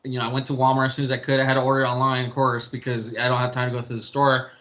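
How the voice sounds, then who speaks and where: Bright-voiced man telling a personal story. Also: mid-range voice, completely flat delivery, racing. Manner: rambling, frequent restarts and swearing. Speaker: interview guest.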